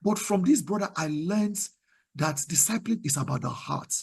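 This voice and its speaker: A middle-aged Nigerian man with a Nigerian accent preaching a sermon in a conversational, animated way, often repeating words. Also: a little high, moderate pace, gravelly, breathy edge. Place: virtual service, remote.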